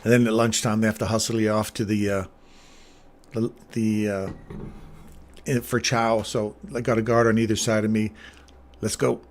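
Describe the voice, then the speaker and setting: A man's voice: lowish voice, flat delivery, normal speed, a little hiss or hum. A man hosting a livestream, casually telling rambling anecdotes with chuckles and plenty of fillers. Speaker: trading livestream host.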